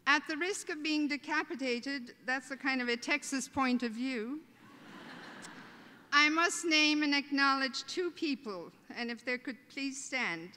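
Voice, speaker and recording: High bright Irish woman in a hall. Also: measured pace. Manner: warm, joking, folksy. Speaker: host welcoming a convention. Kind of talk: humorous welcome speech. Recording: reverberant convention hall.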